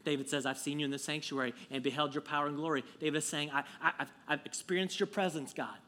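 A man preaching a sermon to his congregation, conversational and earnest, dropping to a hush and then rising to emphatic peaks. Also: on the high side, fairly even intonation, quick pace. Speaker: pastor.

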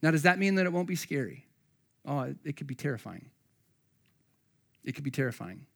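A man's voice: a little high, a little fast, creaky. A man preaching a sermon, reading scripture and acting out the voices of the people in the story. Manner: animated, acts out voices of Bible figures. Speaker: pastor.

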